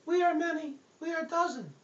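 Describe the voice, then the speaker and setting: A man's voice: extremely high pitch, fairly quick, a bit bright, far from the mic, voice pushed up. A man voicing a tiny, thin, eerie chorus of possessing donut spirits, in an echoey room with dull, lo-fi sound.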